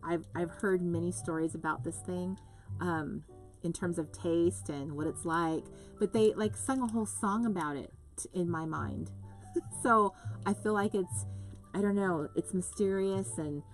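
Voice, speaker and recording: A woman's voice: fairly low pitch, a little slow, faint music behind. A woman from the US West Coast hosting a live craft stream, chatting casually and reading out viewer comments in a rambling, gushing way.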